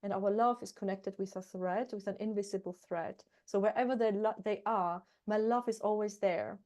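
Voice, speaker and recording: A woman guest speaking earnestly and warmly about parenting, telling personal stories in a casual interview. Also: mid-range voice, fairly even intonation, moderate pace. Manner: earnest, heartfelt, repeats words for emphasis. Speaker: guest, coach and hypnotherapist. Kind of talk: casual interview talk, storytelling.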